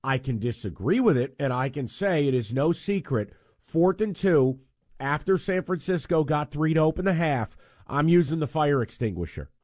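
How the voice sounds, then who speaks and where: A man's voice: a little high, expressive, normal speed, darkish tone, no room sound, studio quality. A man hosting sports talk radio, speaking in a conversational, self-deprecating way and taking calls.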